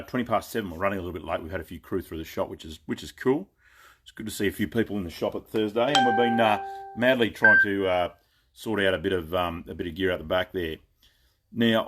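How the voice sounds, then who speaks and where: A relaxed Australian man with a lowish voice chats on a live stream from his shop, greeting viewers one by one and filling gaps with ums. He sounds tired, and the recording carries a clear layer of noise behind him. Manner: laid-back, rambling, greets viewers by name with lots of fillers. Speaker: gun shop owner hosting a live stream. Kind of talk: casual live-stream chat. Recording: noisy background.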